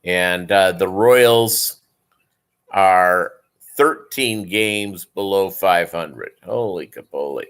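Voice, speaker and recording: A man's voice: deep voice, drawn-out words, a bit bright, clear, resonant tone. A man who breeds fish, chatting casually and rambling on his live stream and calling viewers "gang".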